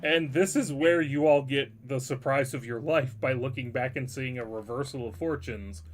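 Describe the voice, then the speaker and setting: A man's voice: medium pitch, normal speed. A man with a mid-range voice narrating a tabletop game as its game master, dry and a little wry. A faint hiss of noise sits under the recording.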